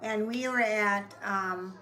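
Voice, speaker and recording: An older woman with a Minnesota accent, a guest on her daughter's Q&A, telling soft-spoken, meandering stories. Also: mid-range voice, fairly even intonation, slow pace, slight background noise. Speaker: guest, host's mother.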